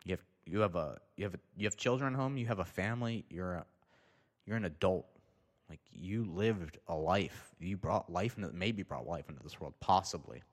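Deep-voiced guy ranting and cursing, sarcastic, echo hanging in the room. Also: expressive, normal speed. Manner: sarcastic, swears a lot. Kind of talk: profane comedic rant. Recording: long reverb.

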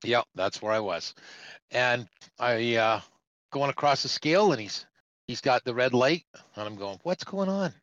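A man's voice: medium pitch, measured pace, pauses often, a bit bright, no echo, muffled recording. A middle-aged man, a truck driver, telling a rambling story in a casual way and acting out the other people's voices. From Canada.

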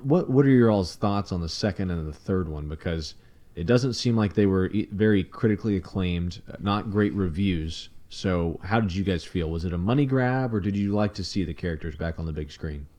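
A man's voice: deep voice, normal speed, dark tone. A man hosting a casual podcast, easygoing, asking questions and steering the talk. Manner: easygoing, leads the discussion. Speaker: podcast host.

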